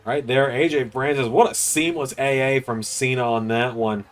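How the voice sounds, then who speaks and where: A man hosting and commentating on a wrestling video game series, doing chatty, excitable play-by-play with jokes. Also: mid-range voice, normal speed, soft background music.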